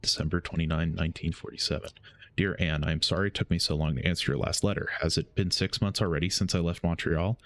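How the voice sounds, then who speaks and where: A young man streaming a game, reading its letters aloud slowly and often stumbling and correcting himself. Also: deep voice, fairly even intonation, fairly bright tone. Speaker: gaming streamer.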